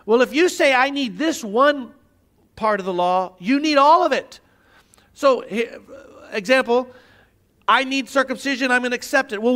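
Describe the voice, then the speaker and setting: Guy preaching a sermon, really high bright voice, asks the crowd lots of questions. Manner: emphatic teaching with rhetorical questions. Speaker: pastor.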